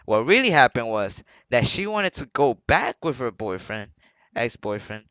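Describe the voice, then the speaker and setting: Animated young man telling a story. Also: medium pitch, a little slow, dry recording, lo-fi sound. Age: young adult. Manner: animated, profane, laughs while telling. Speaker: streamer. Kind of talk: casual storytelling on a live stream.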